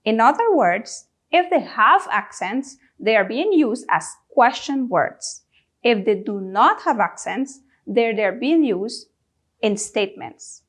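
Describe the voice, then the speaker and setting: This is a woman from Guyana whose voice is a little high and expressive. Teaching a language lesson at a deliberate pace, she drills each question word and waits for the listener to repeat it.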